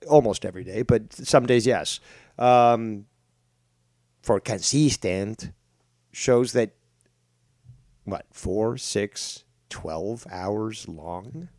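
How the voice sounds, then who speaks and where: A man's voice: on the low side, very slow, pauses often, dry recording, clean studio sound. A man hosting a livestream show, talking casually, rambling and swearing. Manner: rambling, profane, animated.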